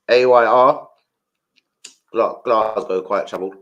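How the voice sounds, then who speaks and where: A man's voice: on the low side, a little fast. A man hosting a live football watch-along, chatting casually, rambling off-topic and swearing freely while talking to his viewers. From London.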